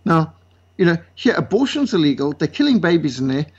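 South African man telling animated stories. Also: on the high side, a little fast, slightly rough. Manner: lively, acts out quoted voices. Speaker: guest speaker. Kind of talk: animated storytelling. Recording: dull lo-fi sound.

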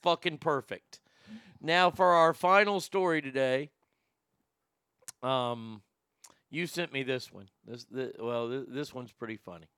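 A man's voice: mid-range voice, a little slow, long pauses, sharp tone, clear, resonant tone, no room sound. A man co-hosting a podcast, rambling through news stories in crude, profane, casual commentary. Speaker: podcast co-host.

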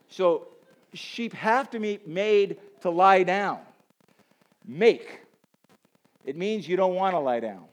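A man preaching to a college crowd in a loose, conversational way, swinging from lively asides to hushed, earnest moments. His voice sits a bit high for a man, and he slips in self-deprecating jokes. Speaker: campus chapel speaker. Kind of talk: sermon. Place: college auditorium with a live audience.

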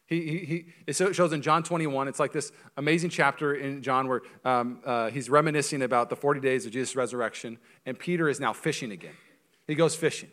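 A male pastor preaching a sermon in a church, animated and joking, with quick asides. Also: medium pitch.

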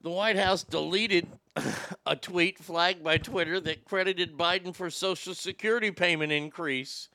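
A sarcastic, foul-mouthed man riffs on the headlines like a show host. His voice sits high and bright with a gravelly edge. The sound is close and dry. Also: fairly even intonation, unhurried, dry recording. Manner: sarcastic, profane, mocking. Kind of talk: crude political commentary.

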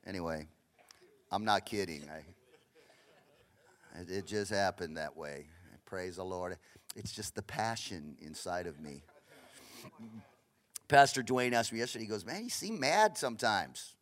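A middle-aged man from Los Angeles, a pastor preaching a passionate, storytelling sermon that swings between loud bursts and hushed asides. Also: on the low side, animated, measured pace, pauses often.

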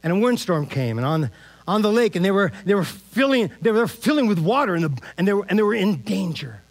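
Male pastor, high voice, casual animated sermon delivery, keeps checking in with the crowd. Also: a little fast. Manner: animated, repeats "man" and "all right?".

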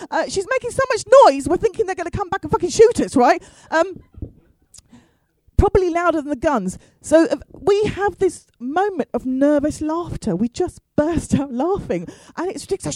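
Brief: comic storyteller, woman, high animated voice, mellow tone, dry close sound. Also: brisk, no room sound, low-quality recording. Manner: animated, swears freely, wry asides. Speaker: stand-up comedian.

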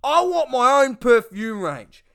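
A man with an Australian accent voicing a loud, crude, boastful male footballer who rambles excitedly. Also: very high voice, a little slow, creaky, voice pushed up, exaggerated voice.

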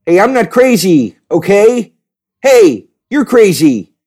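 A man's voice: high-pitched, sing-song, slow pace, darkish tone, pitched above the performer's own voice, heavily acted. A man doing an impression of a twitchy, jittery actor, with clipped, jumpy repeated phrases.

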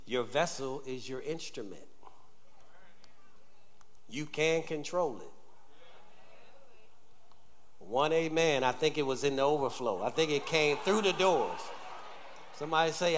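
A male pastor delivers a sermon in a high-pitched voice, pressing the congregation to respond aloud. His voice rings through a church with a long, lingering reverb. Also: lively intonation, normal speed, slight background noise. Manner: call-and-response preaching, urging the congregation. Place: church sanctuary.

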